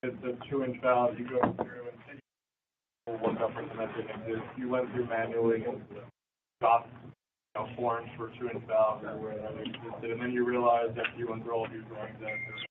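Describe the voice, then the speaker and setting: A man's voice: mid-range voice, completely flat delivery, normal speed. A man in the audience of a meeting, asking questions while searching for words. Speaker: audience member. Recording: distant, phone-like, loud noise.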